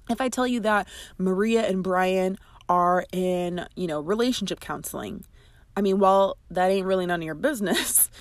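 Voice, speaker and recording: A woman's voice: mid-range voice, no room sound. A woman hosting an advice podcast as a friendship coach, talking in a chatty, emphatic way with asides. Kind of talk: scripted podcast narration and advice.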